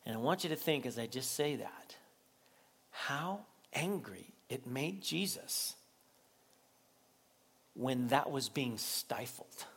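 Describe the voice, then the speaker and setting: A male pastor preaching a sermon, animated and laughing often, rising to near-shouting at peaks. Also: mid-range voice, takes it slowly, long pauses, husky.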